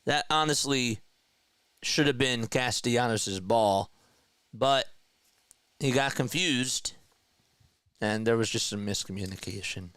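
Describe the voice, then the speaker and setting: A young man runs a fan play-by-play stream, moving between calling pitches and chatting with his viewers. His voice is smooth and resonant. It sounds dry and close, with no room around it. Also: takes it slowly, pauses often, fairly bright tone, no echo. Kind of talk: casual live play-by-play commentary.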